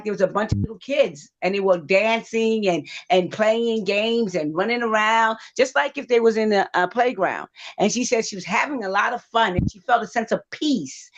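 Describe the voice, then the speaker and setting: A woman psychic on a livestream, talking gently and reassuringly, with many fillers as she tells a story. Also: mid-range voice, slight background noise. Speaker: psychic panelist. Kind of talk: livestream talk. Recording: dull lo-fi livestream audio.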